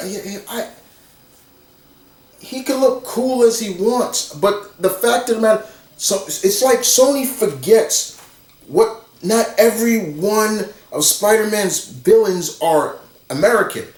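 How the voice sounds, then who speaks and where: A high-pitched, expressive vlogger takes his time as he swears his way through an exasperated, blunt rant about a movie. The audio carries a roomy echo, and he's far from the microphone.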